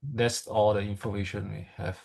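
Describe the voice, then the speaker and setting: A man's voice: on the low side, flat delivery, normal speed, gravelly, darkish tone, breathy edge. Man cutting in with emphatic remarks. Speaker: discussion participant. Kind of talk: casual technical discussion.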